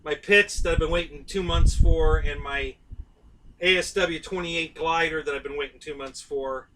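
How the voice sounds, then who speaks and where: A man's voice: on the high side, steady tone, normal speed, pushed and bright, distant mic, rough recording. A middle-aged man, hosting a casual live stream and rambling to his viewers by name.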